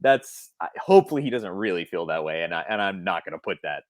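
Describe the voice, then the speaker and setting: A man's voice: deep voice, animated, fast, no echo, studio quality. A man co-hosting a sports podcast, talking casually and thinking aloud with frequent restarts. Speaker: podcast co-host.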